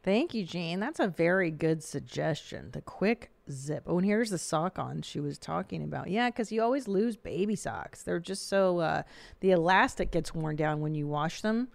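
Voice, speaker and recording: A woman's voice: on the low side, animated, normal speed, creaky, no echo. A woman hosting a podcast in a blunt, casual chat, swearing freely. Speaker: podcast host.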